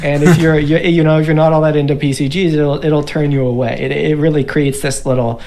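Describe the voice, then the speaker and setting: A woman's voice: low-pitched, steady tone, fairly quick, warm tone. A woman narrating as game master on a stream, chatty and playful, with frequent "like".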